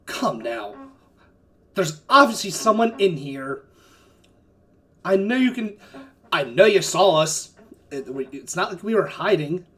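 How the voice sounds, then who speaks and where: A woman voicing a smooth male messenger who talks in a persuasive, coaxing way. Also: fairly low pitch, sing-song, unhurried, pauses often, a bit bright.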